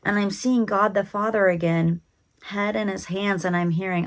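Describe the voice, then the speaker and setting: A woman slowly and reverently recounting a spiritual vision in the present tense. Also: mid-range voice, steady tone. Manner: slow, hushed and reverent.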